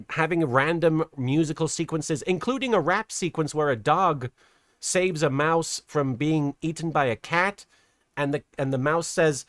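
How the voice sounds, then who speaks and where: A man's voice: fairly high pitch, a bit bright, no room sound, clean studio sound. A man casually commenting on a livestream, chatty and rambling, laughing often and poking fun at himself at a desk microphone. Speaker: streamer and host.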